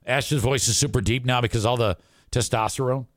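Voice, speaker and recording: A middle-aged man hosts his own live show and rambles casually, swearing freely. His voice sits at an ordinary pitch and sounds dry, close to the mic. His talk wanders, with plenty of restarts and blunt asides. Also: steady tone, fairly quick, no room sound. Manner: crude, profane, rambling.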